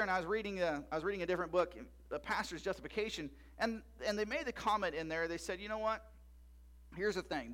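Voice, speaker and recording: A male pastor preaches a sermon in an animated style, with a voice on the high side. He builds loud, rising emphasis, drops into soft asides, and keeps tossing tag questions to the congregation.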